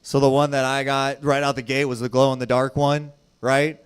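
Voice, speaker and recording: A young adult man doing a profane stand-up comedy set on a club stage, swinging between loud shouting and low mutters. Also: little pitch movement, normal speed, smooth.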